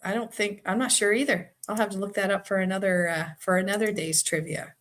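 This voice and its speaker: A woman's voice: medium pitch, steady tone, fairly quick, a bit bright. A woman from Boston with a Boston accent, hosting a trivia live stream in easy, chatty talk and reading viewer comments aloud. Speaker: trivia host. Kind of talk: casual live-stream chat.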